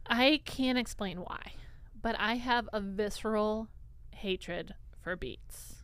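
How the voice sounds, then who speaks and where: A woman co-hosting a podcast in casual chat, bubbly and eager with quick reactions. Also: mid-range voice, fairly bright tone, smooth, no room sound. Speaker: podcast co-host.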